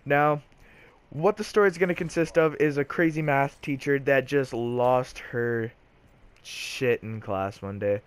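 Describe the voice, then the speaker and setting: A man's voice: mid-range voice, unhurried, clear, resonant tone. A teenage boy casually telling a storytime vlog in a loose, chatty way full of fillers. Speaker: vlogger, storyteller.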